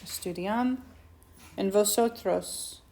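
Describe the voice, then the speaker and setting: A woman teacher, slowly and patiently walking students through a Spanish lesson and asking them questions. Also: mid-range voice, mellow. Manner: slow patient explaining, asks students questions. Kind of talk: recorded whiteboard lesson. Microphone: tablet mic.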